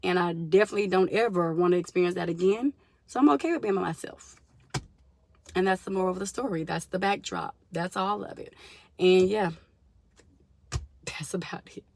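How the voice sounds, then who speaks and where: A young woman telling a story to her viewers in a casual, animated vlog, addressing them as y'all. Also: lowish voice, fairly quick, creaky. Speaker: vlogger.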